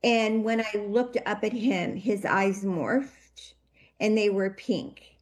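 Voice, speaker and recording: A woman telling a personal story in an interview, her voice shaky with emotion and her telling halting and full of restarts. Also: mid-range voice. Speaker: interview guest.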